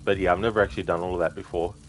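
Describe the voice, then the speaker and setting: A man live-streaming a video game, chatting casually with viewers, relaxed and chuckling as he greets them. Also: low voice, racing, faint music behind.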